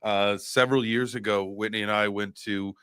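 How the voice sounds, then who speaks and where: A man's voice: on the low side, steady tone, moderate pace, fairly bright tone, smooth, dry recording, clean studio sound. A man hosting a live streamed talk show, casual and slangy, sounding congested from a broken nose. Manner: loose, slangy and profane, with many fillers. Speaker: livestream host. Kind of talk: casual livestream chat.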